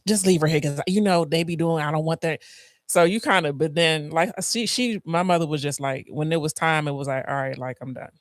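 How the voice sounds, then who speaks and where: A man co-hosting a podcast, chatting casually in a relaxed, halting way as he thinks aloud. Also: fairly high pitch, no room sound, clean studio sound.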